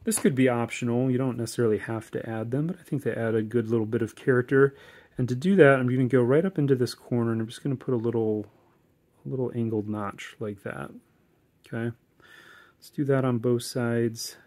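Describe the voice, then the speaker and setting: A man teaching a whittling lesson step by step, in a relaxed, chatty way with corny jokes and plenty of fillers. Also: medium pitch, brisk. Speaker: woodcarving instructor. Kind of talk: casual step-by-step tutorial.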